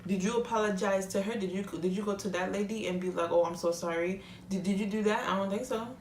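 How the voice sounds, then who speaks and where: A woman's voice: mid-range voice, steady tone, fast, a little hiss or hum. A young woman vlogger in a casual, heated rant, talking bluntly and swearing freely. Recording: echoey room, mic at a distance.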